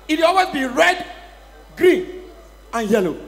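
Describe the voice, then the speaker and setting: A man with a Nigerian accent doing a stand-up comedy routine, mixing pidgin English and shouting his punchlines. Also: extremely high pitch, very animated, a little slow, creaky, pauses often. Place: live show venue with audience. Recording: echoey hall, long reverb.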